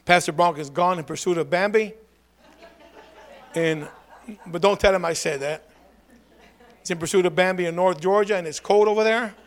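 A man preaching a lively call-and-response sermon, swinging from low asides to shouted calls for a response. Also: moderate pace, pauses often.

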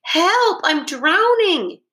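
A woman voicing a cheerful little girl toy rabbit in a read-aloud storybook, with a high, squeaky, playful voice. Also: very animated, unhurried, pushed and bright, heavily acted. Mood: panicked.

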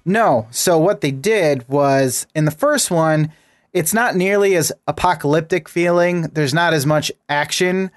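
Male podcast co-host, slightly higher voice, dry close sound, loose rambling delivery. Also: unhurried, no room sound. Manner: laughs often, explains at length with fillers. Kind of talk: casual chat.

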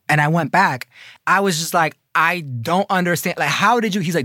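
A man telling a personal story in a casual, animated way, swearing often and swinging between fast bursts and dramatic pauses. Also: high voice, no room sound, studio quality. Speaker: coding program student telling a story.

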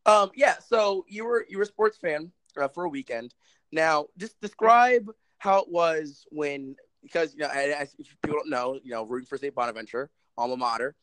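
A man's voice: fairly high pitch, normal speed, a bit bright, dry recording. A man in his twenties co-hosting a podcast, chatting casually in a rambling, self-deprecating way and laughing often. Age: 20s. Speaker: podcast co-host. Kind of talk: casual chat. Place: Minnesota.

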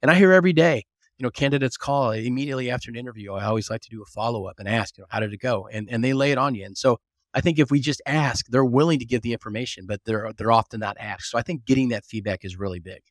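A man guest on a casual podcast interview, an animated storyteller who restarts often and leans on "you know". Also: mid-range voice, very fast, no room sound, studio quality. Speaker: guest, agribusiness recruiting consultant.

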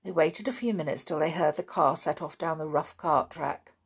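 A woman narrating a children's storybook in a measured, expressive way. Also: low voice, breathy edge. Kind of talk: storybook reading.

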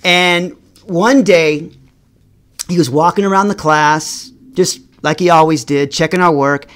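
A middle-aged man telling a personal story straight to the camera. His delivery is animated. He stretches out words for emphasis and often stumbles and repeats himself as he goes. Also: a little high, unhurried, clear, resonant tone. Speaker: vlogger.

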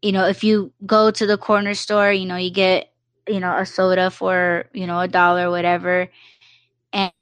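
Woman podcast host, casual solo livestream, mid-pitched, dry close sound, rambling and profane. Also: a bit bright, no echo. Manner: rambling, frequent "you know", swears freely, acts out quoted exchanges.

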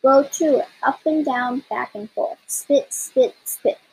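A woman's voice: high-pitched, slow, gravelly, a little mellow, a little hiss or hum, heavily acted, low-quality recording. A woman voicing a bossy, brash little female bird who scolds and wisecracks bluntly in a storybook reading.

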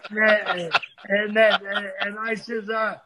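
Older NZ guy, high-pitched, casual guest, loose and sweary. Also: level tone, slow pace, very noisy. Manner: rambling, restarts, swears freely. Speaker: guest storyteller. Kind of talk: casual storytelling chat.

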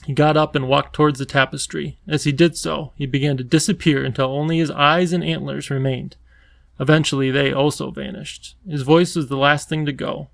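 A male audiobook narrator reading in a measured storytelling way. His slightly high voice has a gravelly texture, recorded dry and close. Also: level tone, no echo. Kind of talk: scripted narration.

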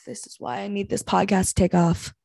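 A woman's voice: medium pitch, level tone, fairly quick, gravelly, a little mellow, no room sound. A young woman hosting a podcast from home, rambling through stories in an exasperated, heavily profane way. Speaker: podcast host. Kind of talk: casual solo podcast rant. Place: small house at home.

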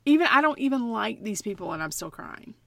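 A woman with a fairly high voice talks bluntly in a casual book chat. She stresses her points and repeats herself, and the recording is dry and close with little room sound. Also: big pitch swings, fairly quick, gravelly, pushed and bright, dry recording.

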